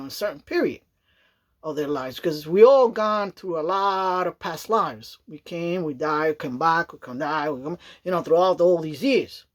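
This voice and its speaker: A woman vlogging in a loose, rambling chat, often checking in with the listener and breaking into laughs. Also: lowish voice. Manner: rambling, chatty, repeats "you know what I mean", laughs often. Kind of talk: casual rambling monologue.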